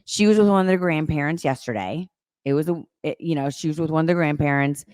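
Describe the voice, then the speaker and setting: A woman co-hosting a podcast in casual chat, telling animated stories and swearing freely. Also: deep voice, fast, no room sound, studio quality. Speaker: podcast co-host.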